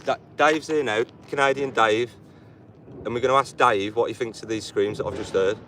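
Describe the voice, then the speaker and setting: A man's voice: mid-range voice, moderate pace. A man livestreaming outdoors as an animal rights activist, blunt and agitated, swearing often. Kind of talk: live outdoor stream. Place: outdoors by a roadside facility. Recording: distant mic with loud traffic noise.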